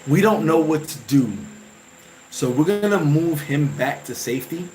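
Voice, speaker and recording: A man hosting a vlog, telling an emotional story from his playing days in a casual, animated way, full of restarts and sound effects. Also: fairly high pitch, normal speed, slight background noise, poor audio. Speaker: vlog host.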